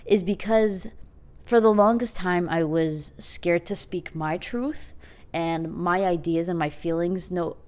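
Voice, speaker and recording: A young adult woman hosting her own podcast, talking alone in a chatty, self-mocking way with quick asides. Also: lowish voice, darkish tone. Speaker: podcast host. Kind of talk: casual solo podcast monologue.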